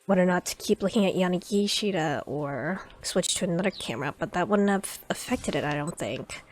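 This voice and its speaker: A woman's voice: on the low side, animated, a little fast, a little hiss or hum. A woman streaming a story game, chatting curiously and reading the text aloud. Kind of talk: playthrough commentary and reading aloud.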